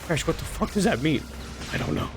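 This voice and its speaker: A man's voice: fairly high pitch, very animated, fairly quick, creaky. A man streaming a video game and commenting casually, full of crude jokes and self-mocking banter. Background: game music and gunfire.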